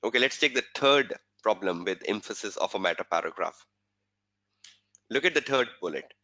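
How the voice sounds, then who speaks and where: A man's voice: fairly low pitch, lively intonation, normal speed, pushed and bright. A male exam tutor giving a webinar lecture, repeating key points and quizzing students with rhetorical questions. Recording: dull lo-fi webinar audio.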